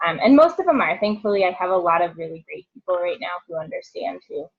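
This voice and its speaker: A woman's voice: lowish voice, big pitch swings, fast, husky, dull audio. A woman in her thirties, a therapist, chatting casually and rambling with lots of likes and ums. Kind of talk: casual group chat.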